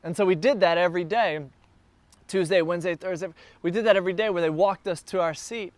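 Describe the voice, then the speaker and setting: A man who is a church planter, telling a casual, animated story to a group gathered in a backyard. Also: high-pitched, fast, no echo. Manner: animated, builds excitement as the story goes on. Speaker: church planter addressing his launch team.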